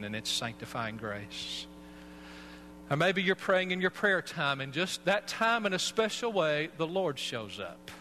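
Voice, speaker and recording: A man's voice: medium pitch, sharp tone, a little hiss or hum. A man, a pastor, preaching a sermon and telling a personal story in an earnest way. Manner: earnest storytelling, acts out voices.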